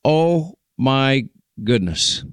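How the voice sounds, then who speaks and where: A man's voice: medium pitch, sing-song, extremely slow, clean tone, no echo, clean studio sound. A man hosting a talk radio show, bantering with a co-host and giving out the call-in number. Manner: joking, teasing, loose. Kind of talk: casual on-air banter. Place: radio studio.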